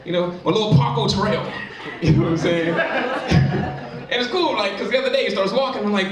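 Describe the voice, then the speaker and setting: Captured on a distant mic in an echoey live room with a crowd, a man delivers a loose, chatty stand-up set full of "you know what I'm saying." He speaks at a moderate pace in a high voice, with music playing in the background.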